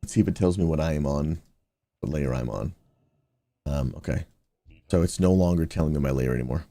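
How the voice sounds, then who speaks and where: Deep-voiced pastor streaming a game. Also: male voice, brisk, mellow, no echo. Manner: upbeat, talks straight to chat, slips into preaching. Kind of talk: casual livestream chat while gaming.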